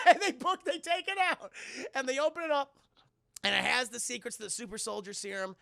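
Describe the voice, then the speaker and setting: A man giving a casual, profane livestream film review, excitable and often talking to his chat while acting out characters in loud voices. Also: very high voice, fairly quick, creaky, no echo, clean studio sound.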